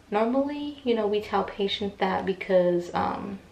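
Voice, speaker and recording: A woman's voice: medium pitch, lively intonation, a little slow, creaky, a little mellow, distant mic. A young woman telling a personal story in a casual, chatty way, with many fillers and acted-out quotes. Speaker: vlogger. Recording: echoey room, voice from off mic, faint ambience.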